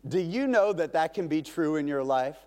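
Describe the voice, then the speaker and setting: A male pastor delivering a lively, conversational sermon full of rhetorical questions to a congregation. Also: on the high side, moderate pace, long reverb tail. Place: large church sanctuary.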